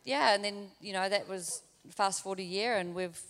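A woman's voice: mid-range voice, normal speed, a bit bright. A New woman talking as a panel guest, chatty and rambling. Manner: chatty, rambling, self-aware. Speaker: campaign founder, panel guest. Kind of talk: on-stage panel interview. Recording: hall reverb.

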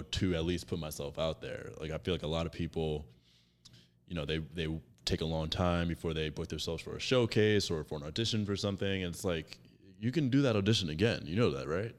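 A man's voice: low-pitched, moderate pace. A man, a stand-up comedian, chatting casually on a podcast and telling a story with lots of fillers and restarts. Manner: rambling storyteller, many fillers.

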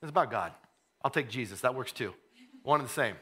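A man preaching a sermon, conversational, repeating words as he goes, then rising to fervent emphasis and dropping to a hush. He says he has a cold. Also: medium pitch, expressive, brisk, breathy edge. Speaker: pastor.

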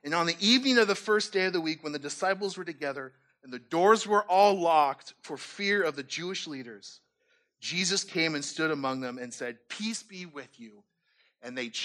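A male pastor preaching a lively sermon, acting out little scenes and jokes as he reads scripture. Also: high voice. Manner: animated, acts out voices and jokes.

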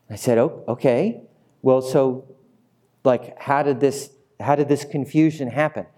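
A man's voice: medium pitch, normal speed, dark tone. A middle-aged male pastor preaching a sermon, telling a story and acting out the voices of the people in it.

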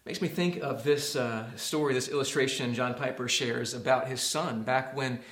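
A man preaching a sermon as a pastor, earnest, dropping to a hush and rising to emphasis. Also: medium pitch, normal speed, reverberant. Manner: earnest, swings from hushed to emphatic.

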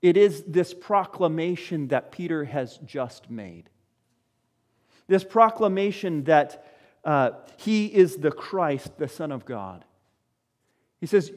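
Male pastor preaching, slow deliberate delivery, church hall echo. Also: on the high side, animated, darkish tone. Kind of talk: sermon.

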